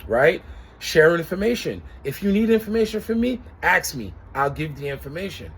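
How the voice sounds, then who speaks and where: A man's voice: on the high side, breathy edge. A young man telling an exasperated story about an insurance claim in a casual vlog rant, acting out the other people's lines. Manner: animated, exasperated storytelling with acted-out quotes. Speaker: customer reviewing an insurer.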